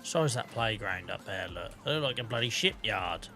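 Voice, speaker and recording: Soft background music accompanies a male game streamer whose fairly low voice is animated, bright and forceful at a moderate pace. Though tired and headachy, he chats casually with his live-stream audience while playing, thinking aloud and now and then swearing.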